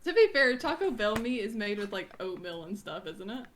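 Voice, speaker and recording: A woman's voice: mid-range voice, sing-song, slight background noise. A young woman from the American South, a streamer guest chatting casually and laughing often. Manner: quick, laughing and conversational. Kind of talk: casual chat.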